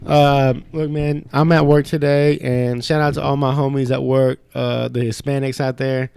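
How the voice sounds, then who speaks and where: A man's voice: mid-range voice, level tone, normal speed, creaky, a little mellow, soft background music. A man co-hosting a podcast in casual chat, telling loose, profane stories and slipping into put-on voices. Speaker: podcast co-host. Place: home studio.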